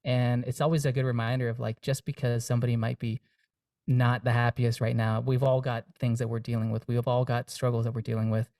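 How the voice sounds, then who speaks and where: A man's voice: medium pitch, little pitch movement, fairly quick, a little mellow, no echo, studio quality, distant mic. Earnest man talking off the mic. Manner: earnest, reflective, many fillers and restarts. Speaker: singer-songwriter guest. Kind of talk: casual interview chat.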